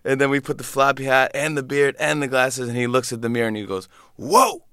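A man, a comedian, telling a lively story in an interview and acting out other people's voices. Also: medium pitch, quick pace, clean tone, no room sound, studio quality. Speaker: comedian guest.

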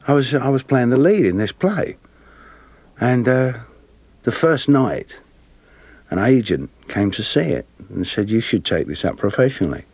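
A man with a Cockney accent, a guest actor telling lively anecdotes with frequent laughter. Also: mid-range voice, normal speed, slightly rough, no room sound. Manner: animated, laughing often, plays voices in his stories. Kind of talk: storytelling interview anecdotes.

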